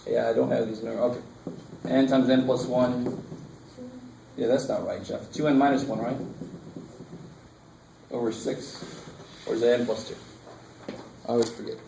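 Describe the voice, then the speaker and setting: A man's voice: medium pitch, steady tone, unhurried, gravelly, pauses often, dark tone, echoey room, slight background noise, rough recording. A man teaching a math class, casual and joking, talking straight to his students. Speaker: math instructor. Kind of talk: classroom lecture. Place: lecture classroom.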